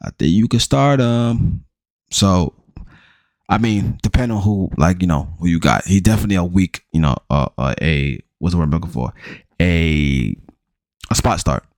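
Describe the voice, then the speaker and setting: A man's voice: low voice, moderate pace, darkish tone, dry recording, clean studio sound. A man hosting his own show, rambling through a casual recap, talking slangy and profane and calling his listeners bro. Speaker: fantasy football show host.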